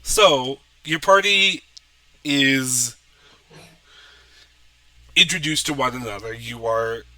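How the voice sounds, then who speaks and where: A man's voice: mid-range voice, takes it slowly, pushed and bright, no echo, far from the mic. A man narrating as game master of a tabletop game, playful and laughing often.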